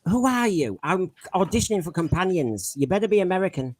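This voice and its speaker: A man hosting a comic podcast panel, his voice pitched fairly high. He teases his guests, jokes constantly and laughs a lot as he moves things along. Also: sing-song, a little fast, darkish tone. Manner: jokey, teasing, laughs often. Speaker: podcast host. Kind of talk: comic panel show chat.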